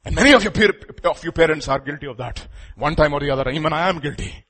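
A man's voice: on the high side, quick pace, fairly bright tone. A man preaching a sermon to his congregation, with emphatic outbursts. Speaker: pastor.

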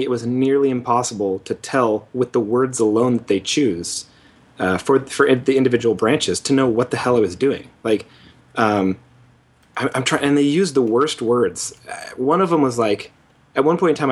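A man's voice: medium pitch, husky. A man co-hosting a casual gaming podcast, rambling through his opinions and teasing his co-host.

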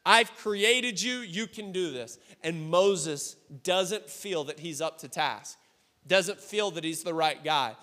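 Male youth pastor, high voice, relaxed conversational sermon, recorded in a reverberant auditorium. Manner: casual, conversational preaching with direct questions to listeners.

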